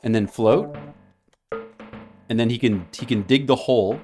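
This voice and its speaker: A man's voice: medium pitch, unhurried, warm tone, soft background music. A man live-streaming a retro puzzle game, chatting playfully and rambling to a viewer while he plays. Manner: playful, rambling, jokingly addresses a viewer by name.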